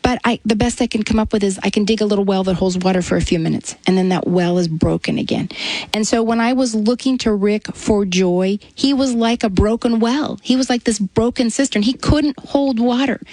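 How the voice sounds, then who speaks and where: A woman's voice: medium pitch, no room sound, low-quality recording. A woman talks earnestly in a conversational interview, telling a personal story. She livens up when she voices the people she quotes. The sound is dry and close, with no room around it. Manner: earnest storytelling, animated when quoting others. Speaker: author and guest.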